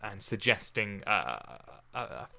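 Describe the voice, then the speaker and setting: A man's voice: on the low side, very animated, slow, creaky, bright, forceful tone. A man co-hosting a podcast, chatting casually and jokingly about poetry, musing aloud with fillers. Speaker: podcast co-host. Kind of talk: casual literary chat.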